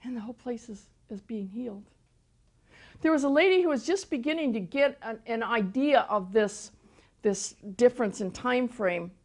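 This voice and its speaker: An older woman teaching through personal testimony, soft-spoken and storytelling, often repeating words as she gathers her thoughts. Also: on the high side, expressive, normal speed. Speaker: Christian teacher and author.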